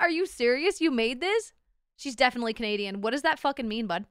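A young woman streamer talks to her chat with a high, bright voice and crisp, clean diction. She is excitable and playful and swears freely. The recording is dry and close-miked. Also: fast, no room sound. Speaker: VTuber streamer. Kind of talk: casual livestream chat.

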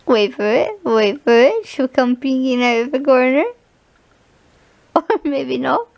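A young woman with a high voice talks casually in a home vlog. She coos at her pet, giggles often, and slips into frightened asides. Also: expressive, unhurried, creaky, a little mellow. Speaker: vlogger.

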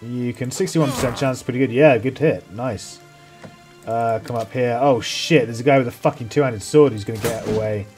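A man commentating his own strategy gameplay, swearing freely and getting loud when the fight turns. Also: mid-range voice. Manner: excitable, swears a lot, mocks enemies. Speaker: let's play host.

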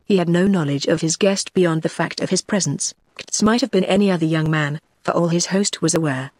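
A woman's synthetic voice with a British accent, narrating an audiobook in an even, mechanical delivery. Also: on the low side, brisk, few pauses, no room sound.

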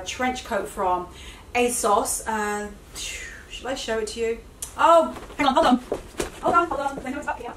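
A middle-aged British woman, a fashion vlogger, chats enthusiastically to camera indoors at home, often correcting herself mid-sentence. Her voice is fairly high-pitched, and the roomy, slightly distant home recording carries slight background noise.

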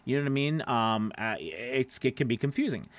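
A man's voice: medium pitch, animated, a little fast. A man, a voice actor, hosting a casual live stream, rambling with lots of fillers and restarts while answering viewer comments by name.

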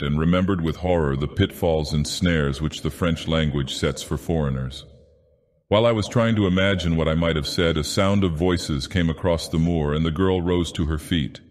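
A man reading a classic short story aloud while putting on the voice of an ancient, godlike male villain, with slow, measured, theatrical delivery. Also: a bass voice. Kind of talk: audiobook narration in character. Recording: long reverb added.

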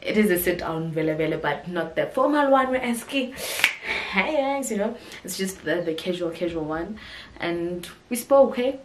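A woman's voice: on the low side, lively intonation, normal speed, darkish tone, slight background noise. Chatty South African woman vlogger. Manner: chatty, says yo and guys a lot. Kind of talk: casual chat. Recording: echoey room.

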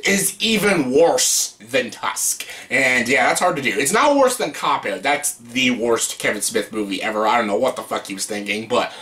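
Blunt, bright-voiced Canadian man. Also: medium pitch, animated, moderate pace, hardly any pauses. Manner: blunt and sarcastic, swears freely. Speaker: movie reviewer. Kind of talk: casual spoken movie review.

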